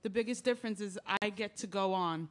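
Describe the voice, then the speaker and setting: A woman with a medium-pitched, natural voice speaks briskly as the narrator and lead of an audio drama reading. She plays a grieving young woman whose story unfolds through earnest, confessional letters, her reflective tone rising at times to yelling.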